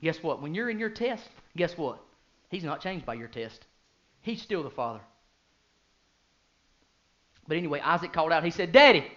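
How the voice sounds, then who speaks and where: High, bright-voiced man preaching. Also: animated, normal speed, pauses often, lo-fi sound. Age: 30s. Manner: swings from quiet, low talk to loud, fervent preaching, with many rhetorical questions. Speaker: pastor. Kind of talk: sermon.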